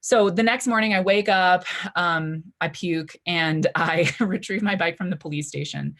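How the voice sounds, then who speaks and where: A woman's voice: lowish voice, unhurried, fairly bright tone. A woman in her twenties telling a personal story at a live story slam, chatty, with lots of "like" and "you know" fillers. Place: library event stage before an audience.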